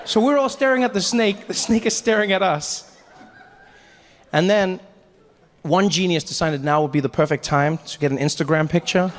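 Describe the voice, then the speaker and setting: Man, stand-up comedian, animated storytelling, high voice. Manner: animated, lots of voices, punchy asides.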